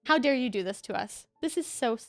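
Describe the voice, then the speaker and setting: A young woman co-hosting a chatty podcast, her voice sitting a bit high. She sounds excitable and gushing, recorded close and dry with faint music underneath. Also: fairly quick, no echo. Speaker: podcast co-host. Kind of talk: casual chat.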